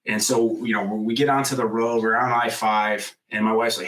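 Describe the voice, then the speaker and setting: A man in his thirties, a guest on a podcast, tells a story in loose, casual talk. He says "like" constantly, swears freely, and gets loud when he acts out what people said. His voice sits a little back from the microphone. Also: lowish voice, normal speed, hardly any pauses, distant mic, rough recording. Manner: animated storyteller, acts out quoted voices loudly; frequent "like" fillers, swears casually.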